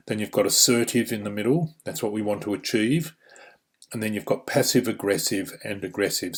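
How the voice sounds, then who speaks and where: A fairly low-pitched Australian man leads a training course, explaining each point step by step. He talks through the material plainly and often drops in "you know" and "um" as he goes. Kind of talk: instructional course narration.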